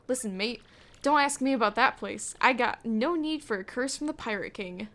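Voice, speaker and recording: A woman's voice: a little high, normal speed, fairly bright tone. Woman doing a brash know-it-all dockhand. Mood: blunt. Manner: brash, blunt, challenging. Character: gruff know-it-all male dock worker. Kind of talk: reading game dialogue aloud.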